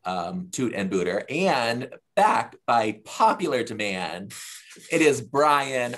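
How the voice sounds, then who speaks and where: A man hosting a casual chat show, chatty and quick to giggle as he leads each segment. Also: medium pitch, fairly bright tone. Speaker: podcast host.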